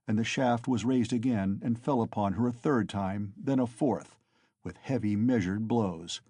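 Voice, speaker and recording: A man's voice: medium pitch, warm tone, breathy edge, no echo. Man narrating a classic novel, dry sound. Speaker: audiobook narrator.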